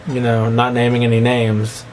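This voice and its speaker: A man vlogging to his viewers in a rambling, offhand monologue, talking fast and speeding up, with a slight lisp and goofy asides. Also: medium pitch, completely flat delivery, a little mellow, slight background noise, rough recording. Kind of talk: rambling casual monologue to camera.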